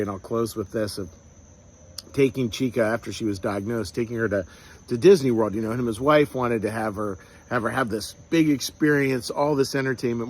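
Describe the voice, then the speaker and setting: A man leading a short devotional talk and guided meditation as a pastor, reflective and unhurried, often restarting his sentences, softening into slow prayer. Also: mid-range voice. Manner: soft, slow prayer and blessing.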